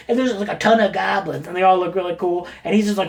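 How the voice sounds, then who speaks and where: A man casually recommending books, rambling and jokey, getting animated as he retells a story. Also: high-pitched, fast, hardly any pauses. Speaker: book reviewer. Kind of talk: casual book recommendation talk.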